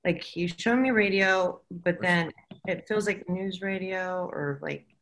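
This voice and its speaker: A woman speaking as a psychic medium, chatty and excitable, relaying what she senses. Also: on the low side, takes it slowly, slight background noise. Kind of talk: casual chat.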